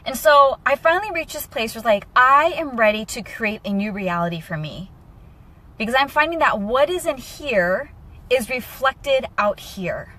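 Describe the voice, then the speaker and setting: A woman's voice: on the high side, moderate pace. A young woman talking candidly and emotionally to camera in a personal vlog. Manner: candid and emotional, lively asides. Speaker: vlogger.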